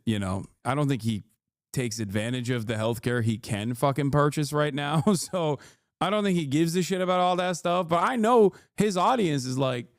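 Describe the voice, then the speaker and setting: A man's voice: fairly high pitch, no room sound, clean studio sound. A man in his thirties streaming, giving casual sarcastic reaction commentary and laughing often.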